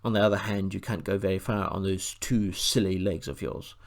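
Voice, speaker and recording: A man reading aloud and voicing a proud, commanding male war horse, speaking slowly and sternly. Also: low voice, steady tone. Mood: persuasive. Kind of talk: audiobook character voice.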